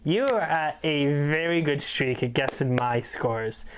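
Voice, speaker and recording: A man co-hosting a casual movie review, speaking quickly with hesitant fillers. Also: on the high side.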